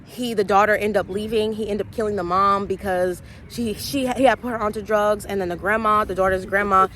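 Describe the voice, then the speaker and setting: A woman's voice: mid-range voice, fairly even intonation, fairly quick, fairly bright tone. A young woman hosting a faith vlog, casually retelling a movie and acting out the characters' lines. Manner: chatty storyteller acting out quoted dialogue.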